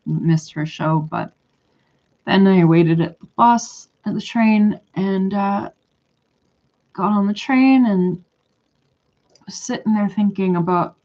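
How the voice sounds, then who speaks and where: A woman's voice: fairly low pitch, darkish tone. A woman telling a story in a casual monologue that rambles, hesitates and trails off. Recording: dull lo-fi recording.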